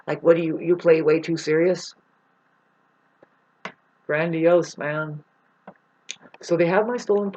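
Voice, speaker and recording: A self-described performing artist speaking in a rambling personal monologue, emotional and apologetic, often restarting sentences. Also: mid-range voice. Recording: dull lo-fi recording.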